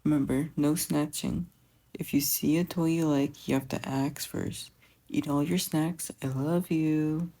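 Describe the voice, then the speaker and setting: Doting teenage big brother, as the reader puts him on, soft and coaxing, unhurried, gravelly, mellow. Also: mid-range voice, fairly even intonation. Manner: soft, coaxing, tender teasing. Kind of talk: fan fiction audiobook reading.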